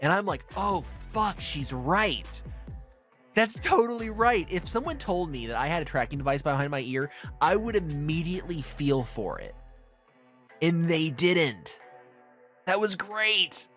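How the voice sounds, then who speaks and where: Male podcast host, profane and animated, anime recap chat, faint music bed. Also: a little high, moderate pace.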